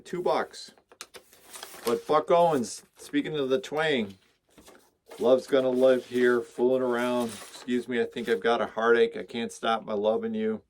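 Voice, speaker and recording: A man with an everyday, mid-pitched voice chats casually to the camera about his records. He muses aloud, keeps asking himself questions and answering them, and speaks at an unhurried pace. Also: darkish tone. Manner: musing, asks himself questions. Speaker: record collector vlogger.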